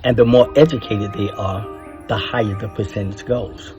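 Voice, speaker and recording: A man's voice: on the low side, fairly even intonation, moderate pace, over music. An older man, talking bluntly and preachily about marriage, swearing freely and stressing his points. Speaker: speaker giving advice to men. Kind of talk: casual monologue.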